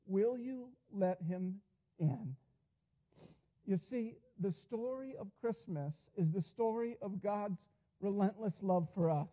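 A man's voice: high voice, warm tone, low-quality recording. A man pastor preaching a sermon in a church, telling a story in an earnest way, often starting with "and, uh". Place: church sanctuary.

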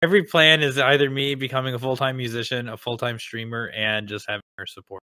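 Bright-voiced laid-back man. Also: medium pitch, fairly even intonation, quick pace. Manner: laid-back, self-mocking, swears casually. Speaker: podcast co-host. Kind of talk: casual chat.

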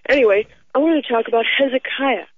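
A woman's voice: a little high, fast, husky, no echo. A woman calling in to a radio talk show, speaking in an earnest, preachy way over the phone. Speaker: caller. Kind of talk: casual call-in chat. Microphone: telephone. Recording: tinny phone line.

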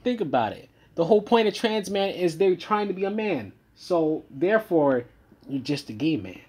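A man giving a profane reaction rant, heated and swinging between loud outbursts and low muttering. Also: very animated, normal speed, breathy edge. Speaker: commentator.

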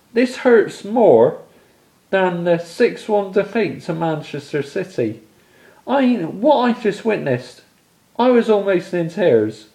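Here the same kind of clip has a young man from England, a football fan vlogger, angrily ranting to camera over his team's defeat, exasperated and cursing. His voice runs a little high, a little mellow, with vocal fry.

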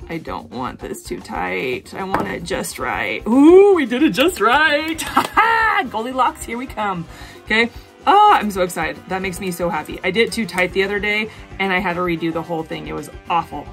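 A woman hosting her own jewelry-making tutorial, chatty and bubbly, gushing with excitement as she talks viewers through each step. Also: lowish voice, a little fast, gravelly, soft background music. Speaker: jewelry-making video host. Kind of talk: casual craft tutorial.

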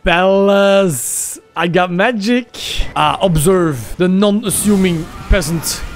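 A young man commentating his own gameplay casually, excitable and crude, with sudden yelps and laughs. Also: high-pitched, slow, faint music behind. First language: Dutch. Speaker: streamer. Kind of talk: casual let's-play commentary.

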